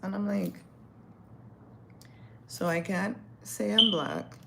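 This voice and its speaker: Brief: young woman, gravelly texture, blunt and profane livestream storyteller. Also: medium pitch, slow pace, very noisy. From West Indies. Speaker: livestream host. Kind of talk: casual livestream chat.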